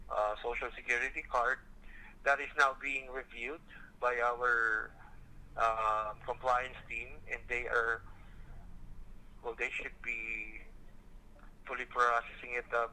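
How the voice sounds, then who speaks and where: A male customer service agent on a phone call, polite and measured, sticking to procedure. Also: mid-range voice, bright, forceful tone. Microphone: phone line.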